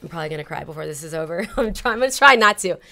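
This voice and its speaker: A woman's voice: fairly low pitch, lively intonation, racing, bright, forceful tone. A woman guest in a casual interview, animatedly telling a personal story and acting out her own past conversations.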